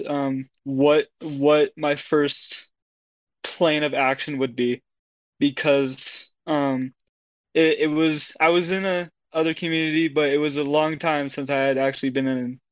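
Slow, hesitant man, dull dry mic. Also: a little high, no echo. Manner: hesitant, halting. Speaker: squad leader. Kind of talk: interview answer.

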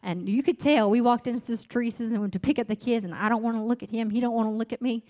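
Woman, young adult, high-pitched, church testimony, soft then fervent and tearful. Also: fairly even intonation, very fast. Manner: soft and low at first, rising to loud tearful fervor. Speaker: testimony speaker at a church service. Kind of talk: emotional spoken testimony.

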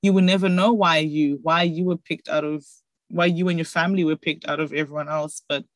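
A young woman, speaking softly and reflectively in a heartfelt chat. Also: sits low, fairly even intonation, brisk, no echo. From Zimbabwe. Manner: reflective, soft-spoken.

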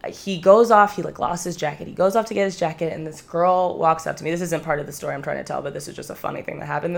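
Low, gravelly-voiced woman telling stories. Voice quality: low voice with vocal fry. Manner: candid, self-mocking, swears freely. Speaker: podcast host. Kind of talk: casual confessional storytelling.

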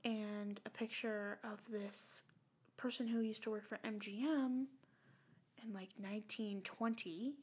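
A woman's voice: mid-range voice, a little slow, slightly rough. A woman co-hosting a podcast in casual, rambling chat, laughing often. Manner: giggly, rambling and animated. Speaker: podcast co-host.

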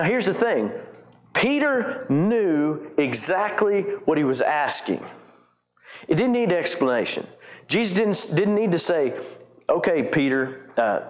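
A man's voice: on the high side, roomy sound. A pastor preaching a conversational sermon, retelling scripture in his own words with frequent restarts.

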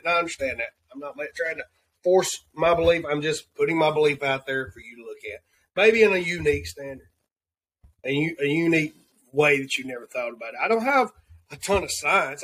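A man's voice: fairly high pitch, fairly bright tone. A man with a Southern accent giving an earnest, rambling devotional segment as a podcast host, repeating words as he searches for them. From Southern United States. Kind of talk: devotional segment of a talk show.

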